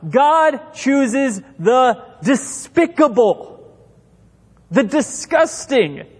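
High-voiced man preaching in a reverberant hall. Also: measured pace. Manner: impassioned, animated preaching with acted-out quotes. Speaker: pastor. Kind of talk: sermon.

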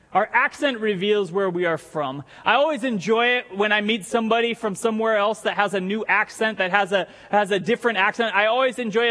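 Pastor, male, high voice, chatty sermon delivery, church with long reverb. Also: a bit bright. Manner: conversational preaching, quick asides and repeated phrases.

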